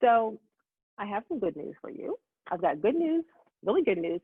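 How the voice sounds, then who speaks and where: A middle-aged woman giving a motivational talk, talking fast and acting out her own inner voice. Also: medium pitch, slightly rough, dry recording. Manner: fast-talking, animated self-talk quotes. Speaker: summit speaker. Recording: tinny phone-like line, dry.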